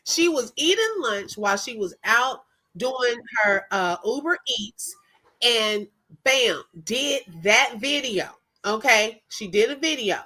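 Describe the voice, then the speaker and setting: Slow-talking bright woman giving commentary. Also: on the high side, lively intonation, poor audio. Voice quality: chatty, drops in frequent "okay?" check-ins. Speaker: reaction channel host. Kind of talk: casual commentary.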